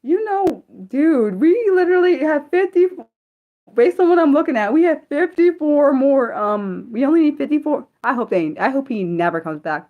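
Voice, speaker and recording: A woman hosting an unscripted livestream, rambling with lots of fillers and sudden jumps in pitch. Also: dull audio. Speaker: livestream host.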